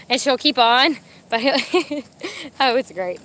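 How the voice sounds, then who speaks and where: A woman's voice: sits high, moderate pace, a bit bright. A young pregnant woman, chatting casually to a live stream and giving commands to her dogs, a little out of breath in the heat. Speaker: vlogger with service dogs. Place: outdoor dog park.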